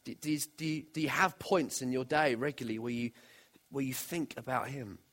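A man's voice: mid-range voice, brisk, fairly bright tone. A man preaching a sermon in an earnest way, often putting direct questions to his listeners.

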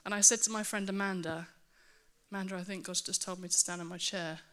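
A woman preaching a sermon to her church, earnest and animated, with self-mocking asides. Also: medium pitch, quick pace.

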